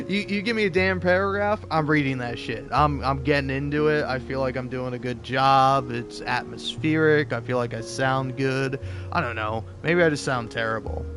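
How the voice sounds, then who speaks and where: A man's voice: medium pitch, unhurried, over music. Rambling, cursing man streaming a game. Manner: rambling, self-deprecating, swears freely. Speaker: streamer playing a narrative game. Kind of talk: let's play commentary.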